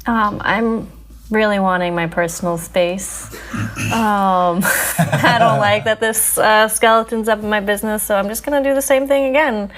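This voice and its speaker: A woman's voice: mid-range voice, steady tone, normal speed, fairly bright tone. A woman playing a tabletop game, talking hesitantly with many fillers. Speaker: player. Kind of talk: casual tabletop game play.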